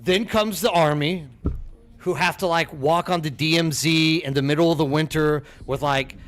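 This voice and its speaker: Streamer, middle-aged man from Texas, a touch high-voiced, easygoing chat with viewers over faint music. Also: fairly even intonation, moderate pace, a bit bright. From Texas, USA. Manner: chatty, friendly, says "dude" a lot, stumbles and repeats words. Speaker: game streamer.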